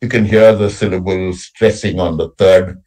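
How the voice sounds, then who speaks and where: A man's voice: deep voice, steady tone, moderate pace, dark tone, rough recording. A man lecturing on poetic meter at a college workshop, explaining patiently and checking in with a frequent "right?". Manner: explanatory, frequent tag "right?", recites lines with exaggerated stress.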